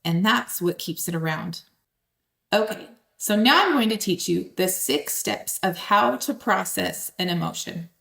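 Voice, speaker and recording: A woman, possibly in her thirties, calmly teaching step-by-step steps and speaking straight to the listener. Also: lowish voice, measured pace, creaky. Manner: calm, direct, speaks to the listener. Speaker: host.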